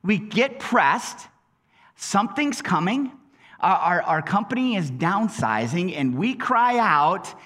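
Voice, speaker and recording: A man's voice: sits high, takes it slowly. A man preaching a sermon in a conversational way, acting out quoted prayers and often repeating words as he goes. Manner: animated, acts out quoted prayers in changing voices; conversational, with frequent word repeats. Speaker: pastor.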